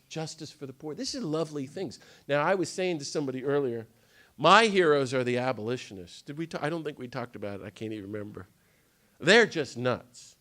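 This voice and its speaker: A man delivers a spirited talk to an audience in a hall, with a somewhat high speaking voice. He keeps slipping into the voices of the people he quotes and then returns to his own. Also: fairly bright tone. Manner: impassioned, jumps into quoted voices. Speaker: speaker on nonviolence. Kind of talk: animated lecture to a live audience. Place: conference hall.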